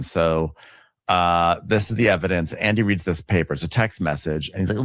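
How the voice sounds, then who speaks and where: A man co-hosting a podcast, recapping in casual chat with animated storytelling that acts out quotes. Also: deep voice, moderate pace, dry recording, clean studio sound. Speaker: podcast co-host.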